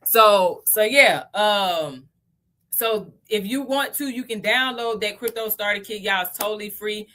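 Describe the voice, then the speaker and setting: A woman in her thirties with a Southern accent from Tennessee hosts a relaxed livestream lesson. Her voice is bright and forward at a middling pitch. She talks chattily to her viewers and keeps checking in with a quick "okay?". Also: a little hiss or hum. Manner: chatty, asks "okay?" often, addresses viewers as y'all. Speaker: crypto livestream host. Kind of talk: casual livestream teaching.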